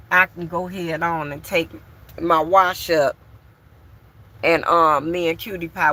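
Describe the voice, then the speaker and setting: A woman's voice: fairly low pitch, gravelly, pushed and bright. A woman vlogger chatting bluntly and candidly to her viewers from home while doing chores. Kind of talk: casual chat to viewers.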